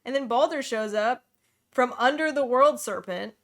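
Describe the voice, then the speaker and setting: Chatty woman recapping a story. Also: on the high side. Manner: quick, jokey retelling with playful voiced quotes. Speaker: book club podcast host. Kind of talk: casual chat recapping a book plot.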